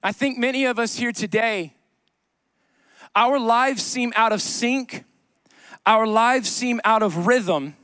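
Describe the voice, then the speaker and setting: A man's voice: very high-pitched, slow pace, long pauses, fairly bright tone, smooth, no room sound, clean studio sound. A man preaching a sermon to a congregation in church, conversational, with joking asides and repeated key lines. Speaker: pastor. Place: church sanctuary.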